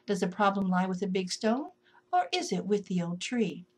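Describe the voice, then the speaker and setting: A woman's voice: medium pitch, big pitch swings, normal speed, breathy edge. A woman playing a wise old grandmother spider. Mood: gentle. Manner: soft, coaxing questions.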